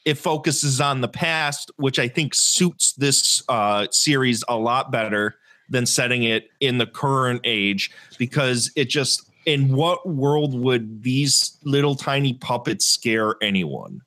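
A man's voice: medium pitch, animated, takes it slowly, few pauses, bright, forceful tone. A man co-hosting a casual movie review podcast, blunt and profane, laughing often as he talks. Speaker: podcast co-host.

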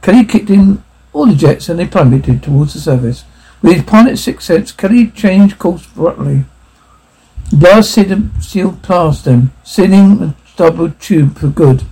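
A man reading a science fiction story aloud, halting, with frequent restarts. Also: sits high, expressive, warm tone, husky, low-quality recording. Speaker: narrator.

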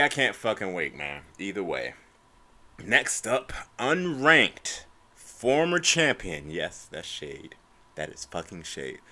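A young man hosting a solo podcast, ranting casually about fight news, swearing and tagging lines with bro and man. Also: lowish voice. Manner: animated, profane, says bro and man constantly. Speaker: podcast host.

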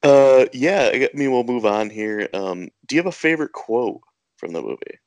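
A young man co-hosting a casual movie chat, easygoing and quick to laugh. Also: mid-range voice, animated, no room sound. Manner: easygoing, laughs often, says "dude". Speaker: podcast co-host.

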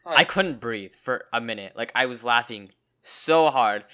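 A man's voice: medium pitch, measured pace, a crowd in the background. A young man in casual chat as a podcast co-host, stammering and restarting his sentences often.

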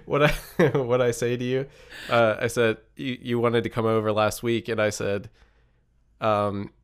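A man's voice: medium pitch, little pitch movement, a little slow, smooth. A man hosting a podcast, talking casually and a bit nasal from a recent illness, with an easygoing manner. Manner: easygoing, laid-back with fillers. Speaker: podcast host. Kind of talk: casual podcast chat and ad read.

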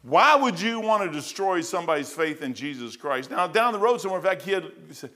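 A man's voice: high voice, expressive, brisk, few pauses, sharp tone. A middle-aged man preaching, telling a story in a rambling way with many restarts. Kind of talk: sermon storytelling.

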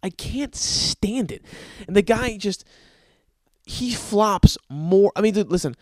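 Man, restaurant worker, profane rant, stammering, higher pitch, dry sound. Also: animated, takes it slowly, dry recording. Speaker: restaurant server. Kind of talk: ranting comedic monologue.

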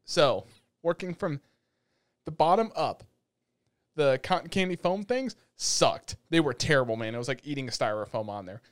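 A man co-hosts a podcast and tells a rambling, animated rant in casual chat. His voice sits at a middle pitch. The sound is dry and close, with no room around it. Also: normal speed, no echo. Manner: animated ranting storyteller. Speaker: podcast co-host.

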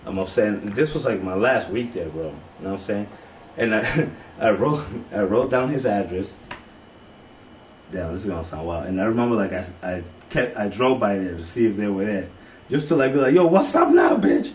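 A man co-hosting a casual comedy podcast, telling stories in an animated way that jumps high when he gets worked up. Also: normal speed, reverberant, far from the mic, slight background noise, poor audio. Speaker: podcast co-host.

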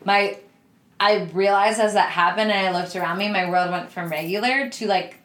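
A woman's voice: medium pitch, steady tone, normal speed, a bit bright. A woman podcast host telling a story in a casual way, laughing often and swearing freely. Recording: roomy echo.

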